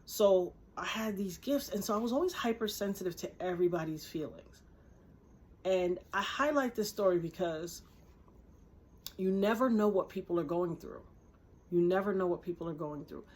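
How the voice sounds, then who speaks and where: A woman's voice: lowish voice, normal speed, darkish tone, slightly rough. A woman vlogger telling a personal story straight to camera, earnest and emphatic. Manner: earnest and emphatic, acts out quoted voices. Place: indoors, speaking to camera.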